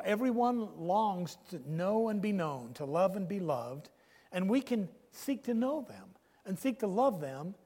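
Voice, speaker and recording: A man preaching a sermon, earnest, pausing often and dropping low on key phrases. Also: big-room sound.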